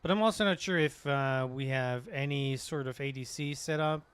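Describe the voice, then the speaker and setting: A man chatting in character in a roleplay game, explaining things in a measured, hesitant way. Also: medium pitch, a bit bright, clean tone. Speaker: fellow roleplay player.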